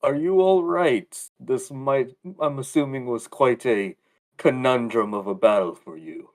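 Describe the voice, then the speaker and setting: A man's voice: medium pitch, measured pace, pitched above the performer's own voice, natural voice. A man voicing a fond, theatrical male sylvan who speaks with affectionate endearments. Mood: doting.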